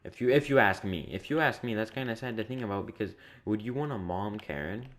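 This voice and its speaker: A man's voice: on the low side, fairly quick. A young man telling a story in a casual, rambling, repetitive way, sounding exasperated. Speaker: vlogger.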